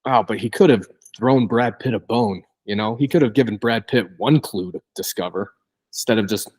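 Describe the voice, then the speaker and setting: Man, podcast co-host, casual film chat, low voice, wistful complaining tone. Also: moderate pace, darkish tone, slightly rough.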